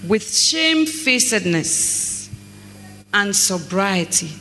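A preacher giving a sermon, reading scripture slowly and telling stories with acted dialogue. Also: male voice, high voice, sharp tone. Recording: echoey hall, faint mains hum.

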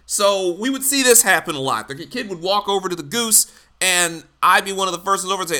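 Blunt, bright-voiced man ranting. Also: sits high, expressive, quick pace. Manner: blunt, exasperated, profane. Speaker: commentator. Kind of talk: ranting commentary monologue.

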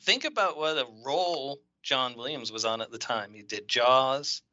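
A man co-hosting a casual podcast, talking about films in quick, animated bursts and slipping into impressions. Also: medium pitch, no room sound. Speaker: podcast co-host. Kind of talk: casual film chat. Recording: dull lo-fi podcast audio.

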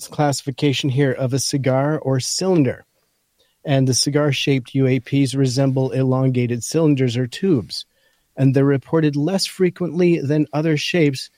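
A man's voice: medium pitch, warm tone, no room sound. Scratchy-voiced man reading a list. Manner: talks through a list point by point. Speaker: podcast co-host. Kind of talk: casual chat, reading from an article.

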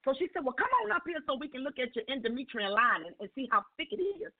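Woman telling a story down a phone line. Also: fast. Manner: expressive, acts out dialogue with big pitch jumps. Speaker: call-in guest sharing a testimony. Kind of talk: animated storytelling on a call-in show. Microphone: telephone.

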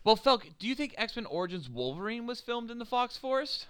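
A man's voice: extremely high pitch, very animated, fairly quick, fairly bright tone, smooth. A man co-hosting a podcast, chatting casually and jokingly about films, laughing often and swearing. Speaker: podcast co-host. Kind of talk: casual film review chat.

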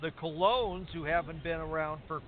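Guy rambling thru a match recap, kinda high voice, lots of um and uh, phone line sound. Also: normal speed. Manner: rambling, many restarts and fillers. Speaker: podcast co-host recapping wrestling. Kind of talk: casual chat. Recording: tinny phone line with faint hiss.

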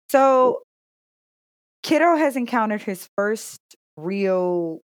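A woman co-hosting a casual podcast, telling an animated, profane story about her son. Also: medium pitch, dry recording. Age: adult parent. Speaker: podcast co-host. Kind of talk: casual chat.

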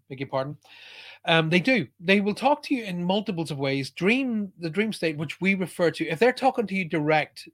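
A man's voice: fairly high pitch, a bit bright. A man, a psychic medium answering a listener's question and telling a personal story in an earnest, emphatic way, often restarting his sentences. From Ireland.

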